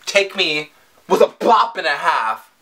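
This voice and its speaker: A man's voice: fairly high pitch, a little slow. Gushing, profane young man reacting to music. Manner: gushing, profane, squealing with excitement. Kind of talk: over-the-top reaction vlog.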